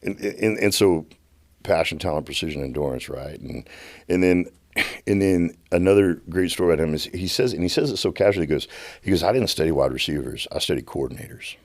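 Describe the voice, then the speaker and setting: A middle-aged man, a podcast guest telling stories with animated energy and many restarts. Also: low-pitched, brisk, dry recording. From United States. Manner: animated, repeats words and restarts sentences. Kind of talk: passionate storytelling. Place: podcast studio.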